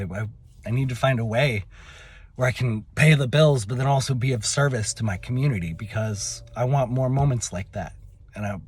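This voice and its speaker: A young adult man telling a personal story in a halting, emotional way, with many fillers and restarts. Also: mid-range voice, husky, no room sound. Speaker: vlogger.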